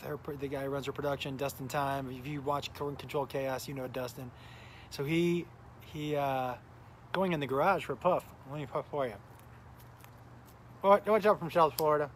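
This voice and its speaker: A man's voice: a little high, fairly even intonation, moderate pace, slight background noise. Tired comedian chatting with his viewers. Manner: rambling, greets viewers by name mid-story. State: tired, recovering from illness. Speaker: comedian hosting a live smoking stream. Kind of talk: casual live-stream chat and storytelling.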